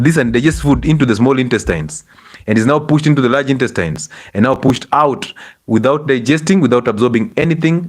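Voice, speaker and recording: A middle-aged doctor with a Kenyan English accent gives a lively health lecture to an audience, scolding them with rhetorical questions. His voice sits in the mid range.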